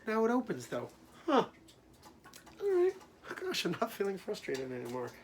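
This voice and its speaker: A man, a teacher, gently talking young children through his own feelings during a storytime lesson. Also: sits high, wildly swooping pitch, moderate pace, a little hiss or hum.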